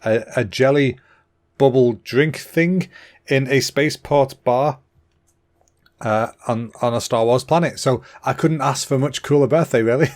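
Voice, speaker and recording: This is a man, hosting a casual solo podcast. His voice sits at an ordinary pitch for a man. He talks in an excitable, rambling way, a little out of breath, with a throat that sounds slightly clogged. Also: unhurried. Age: 30s. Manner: chatty and excitable, with fillers and restarts. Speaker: podcast host.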